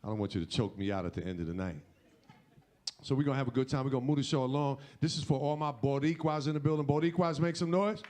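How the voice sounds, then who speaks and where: A man's voice: mid-range voice, fast talker. A man hosting a comedy show, working the crowd with teasing banter and hyping up the next act. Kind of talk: emcee crowd work. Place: comedy club with a live audience. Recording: live club with loud crowd noise.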